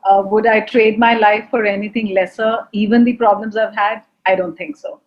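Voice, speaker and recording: A woman's voice: medium pitch, steady tone, normal speed, muffled recording. A woman speaking earnestly about mindfulness as a guest, with repetitions and light laughs. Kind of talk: reflective conversation on mindfulness.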